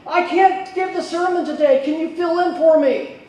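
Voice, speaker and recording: A man voicing a sly preacher who exaggerates in a drawn-out way. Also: very high voice, darkish tone, voice pushed up. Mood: feigning sick. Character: sly golf-loving male preacher. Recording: echoey hall from far off.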